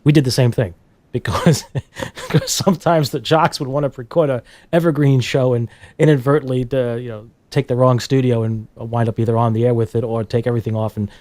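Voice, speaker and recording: A man hosting an interview show, talking quickly and conversationally with frequent restarts. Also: medium pitch, fairly even intonation, a little mellow, no echo. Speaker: host. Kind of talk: casual interview chat.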